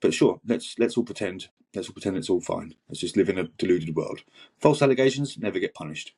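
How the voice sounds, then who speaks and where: A man's voice: sits low, lively intonation, brisk, darkish tone, breathy edge. A man hosting a sarcastic commentary monologue, mocking and exasperated. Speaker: host.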